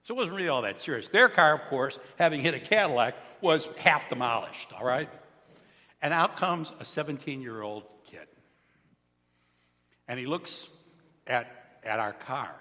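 A pastor preaching a sermon, telling stories in a chatty way and asking the congregation questions. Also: male voice, mid-range voice, moderate pace, long pauses, in a large hall. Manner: animated, conversational, asks the congregation questions. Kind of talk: sermon with storytelling.

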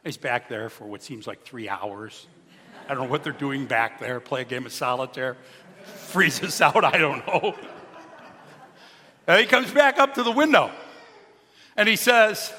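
Give me a male pastor preaching with lively swings in pitch, heard in a long-reverb sanctuary. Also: unhurried, pauses often. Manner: storytelling, animated, acting out quoted people. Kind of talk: sermon.

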